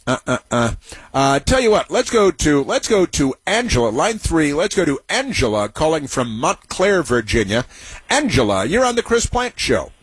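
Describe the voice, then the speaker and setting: A man hosting a talk radio show, delivering a mocking, sarcastic monologue full of halting fillers. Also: fairly high pitch, sing-song, breathy edge, no room sound.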